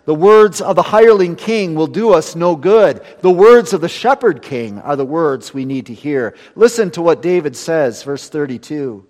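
A man preaching a sermon earnestly, building to emphatic lines and then dropping to a hushed close. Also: fairly high pitch, lively intonation, normal speed, hardly any pauses, in a large hall.

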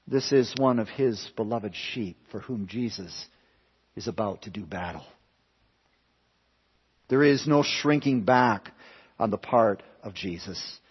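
A man preaching a sermon in a dramatic way, dropping to hushed tones and then building to loud, emphatic peaks. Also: medium pitch, slow pace, slightly rough. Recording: long hall reverb, dull lo-fi sound.

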